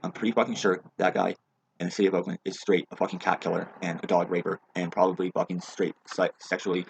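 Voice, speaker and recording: Deep gravelly guy ranting angry and rambly, swears a lot, muffled lo-fi with faint hiss. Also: flat delivery, quick pace. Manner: agitated, rambling, heavy swearing. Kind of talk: angry profane rant.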